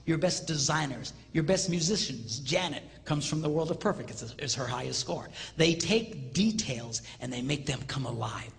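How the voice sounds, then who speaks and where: A man's voice: a little high, creaky, fairly bright tone. A man giving a live, comedic seminar lecture, acting out quoted voices for laughs. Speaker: seminar speaker. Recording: reverberant hall with faint noise.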